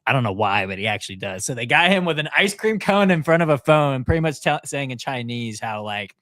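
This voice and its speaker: A man's voice: mid-range voice, lively intonation, brisk, fairly bright tone, no room sound. A man co-hosting a talk show, explaining a story with amusement. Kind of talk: casual storytelling chat.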